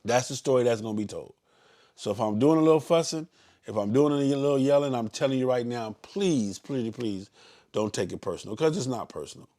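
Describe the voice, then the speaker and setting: Blunt, fiery Southern ride leader. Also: male voice, medium pitch, expressive, fairly quick. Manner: blunt, preachy, swings into loud yelling. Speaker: motorcycle club ride leader. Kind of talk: casual live-stream briefing.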